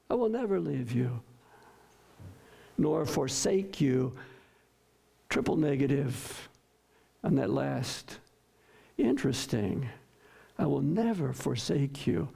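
A man's voice: on the high side, animated, a little slow, creaky, a little mellow, breathy edge. A man preaching a sermon, emphatic and stressing words by repeating them, often asking his listeners questions. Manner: asks the congregation questions. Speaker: pastor.

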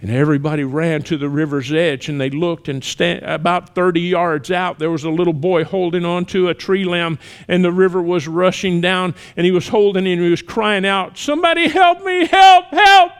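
A man preaching a sermon, telling a story with shouted cries and then dropping to hushed, earnest appeals. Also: fairly high pitch, flat delivery, brisk, few pauses, clean tone.

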